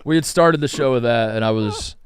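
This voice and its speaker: A man's voice: mid-range voice, a little fast. A man co-hosting a casual sports podcast with dry, playful humor. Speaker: podcast co-host.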